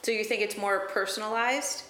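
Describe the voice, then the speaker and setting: A woman with a bright, crisp voice hosts the chat, asking direct questions between short reactions. The room around her is echoey. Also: mid-range voice, steady tone, a little fast, a little hiss or hum. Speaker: podcast host asking questions. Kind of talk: casual interview chat.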